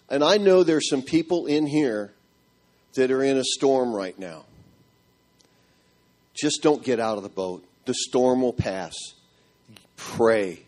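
A middle-aged man telling a church audience his marriage story in an animated, storytelling way. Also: mid-range voice. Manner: animated storytelling, acting out quotes. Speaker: speaker giving a marriage testimony.

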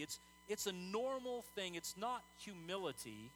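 A man's voice: high voice, sing-song, a little slow, a bit bright, a little hiss or hum, rough recording. A man preaching a sermon in an earnest, conversational way, telling stories with many fillers and restarts.

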